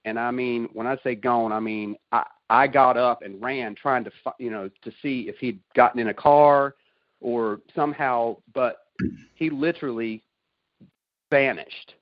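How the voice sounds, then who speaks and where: A man's voice: mid-range voice, unhurried, no room sound. A man earnestly telling a personal faith story on a community call, folksy and self-deprecating, laughing at himself. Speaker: guest sharing a testimony. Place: call over the internet. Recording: dry, dull lo-fi sound.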